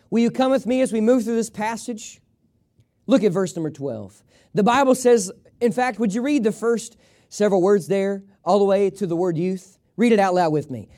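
A man preaching a sermon with a notably high voice for a man. He leans hard on repeated phrases, slows right down on key lines and lets them fall low at the end, calling the congregation to read along. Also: a little mellow. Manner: emphatic preaching with repeated phrases and call-and-response reading; drawn-out slow emphasis on key lines, dropping low at phrase ends. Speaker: pastor.

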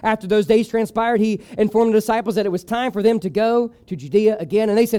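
A male preacher retelling a scripture story as a sermon, acting out its people and dropping to a hushed voice for emphasis. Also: sits high, fast.

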